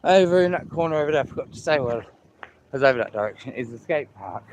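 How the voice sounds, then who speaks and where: A man's voice: mid-range voice, lively intonation, a little fast, a little hiss or hum. Breathless man vlogging on a walk. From England. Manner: chatty, repeats himself, enthusiastic about scenery. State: out of breath walking uphill. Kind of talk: casual live walking vlog. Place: outdoors on a seaside hill path.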